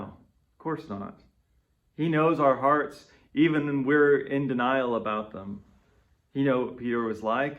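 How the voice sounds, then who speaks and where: A man's voice: medium pitch, muffled recording. A man reading scripture and reflecting on it as a devotional speaker. He talks in a conversational way and often checks in with "right?". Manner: conversational, tags points with "right?".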